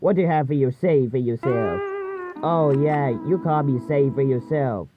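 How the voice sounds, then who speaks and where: A man rambling in a halting, jumbled way, voicing over a cartoon. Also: medium pitch, narrow, tinny audio, music in the background. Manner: jumbled, halting speech with many restarts.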